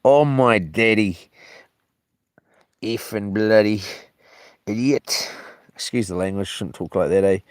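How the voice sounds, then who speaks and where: Slow, rambling camping vlogger, a man. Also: lowish voice, smooth, dry recording, studio quality. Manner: meandering, loses his thread, mild cursing. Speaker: solo camping vlogger reading live chat. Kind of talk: casual rambling live chat.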